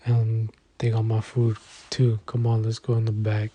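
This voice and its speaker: Man doing a caring nurse mother, firm, motherly, dark voice. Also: fairly low pitch, completely flat delivery, moderate pace, close to an everyday voice.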